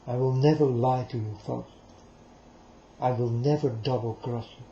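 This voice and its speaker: With slight background noise behind him, a man in a mid-range, dark voice lectures his listeners at a moderate pace, his intonation fairly even. He rambles and repeats himself preachily, talking right to them, and the lo-fi recording sounds roomy and dull.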